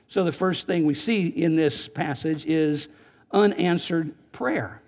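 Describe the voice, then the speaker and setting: A pastor with a high voice preaches earnestly at a moderate pace in a church sanctuary, often repeating and restarting words as he drives his points home. The recording carries the sanctuary's long reverb.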